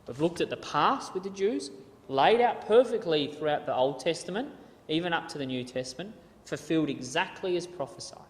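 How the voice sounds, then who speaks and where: A man's voice: fairly high pitch, animated, brisk. Man lecturing in an echoey hall. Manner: conversational, repeats words and restarts, reads quotes aloud. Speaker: Bible talk speaker. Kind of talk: casual lecture with slides. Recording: echoey hall with long reverb.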